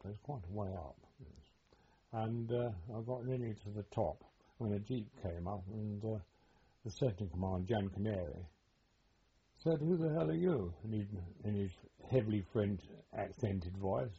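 A man's voice: fairly low pitch, warm tone, slight background noise. An older man, telling war stories in a hesitant, rambling way during an oral history interview. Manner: hesitant, rambling storytelling with many pauses. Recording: dull lo-fi recording.

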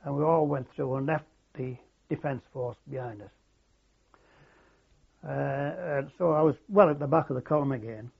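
An older man recalling his wartime service in an oral history interview, halting and reflective, with many fillers and restarts. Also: medium pitch, vocal fry, slightly rough. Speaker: war veteran interviewee. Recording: dull lo-fi recording.

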